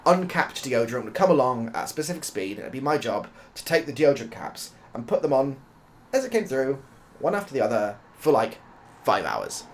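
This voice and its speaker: Very animated and fairly quick, this medium-pitched young man from the UK rambles through a story during soft-spoken gameplay chat, cursing occasionally. He's an ASMR gaming streamer. The recording carries a little hiss or hum.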